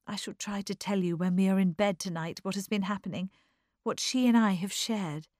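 A woman reading an audiobook, voicing an eager young wife who talks in a breathless, high-pitched gush. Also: fairly even intonation, moderate pace, darkish tone, dry recording, studio quality, natural voice. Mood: pleading, gushing. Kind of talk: audiobook character voice.

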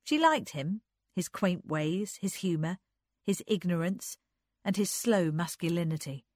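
Woman as audiobook narrator, measured and unhurried, pitch rises and falls a lot, dry close sound. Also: expressive, darkish tone, no room sound. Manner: measured literary storytelling.

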